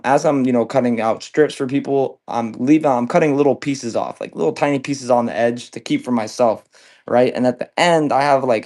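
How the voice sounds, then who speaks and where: A man's voice: medium pitch, darkish tone. Man, livestream seller, casual storytelling, laid-back, swears a lot, lots of fillers. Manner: rambling, profane, laid-back with frequent fillers.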